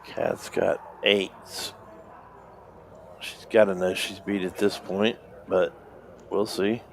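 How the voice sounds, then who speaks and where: A man with a somewhat low voice commentates live poker hands. He talks in an easygoing, chatty way, walking through the cards and odds as they fall. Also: slow, creaky, slight background noise. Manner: relaxed, conversational calling of hands.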